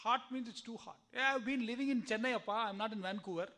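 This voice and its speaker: Speaking very fast in an extremely high, bright and forceful voice, an Indian English-accented man delivers a spiritual discourse at a temple. He throws rhetorical questions at the audience and plays every part of the dialogues himself.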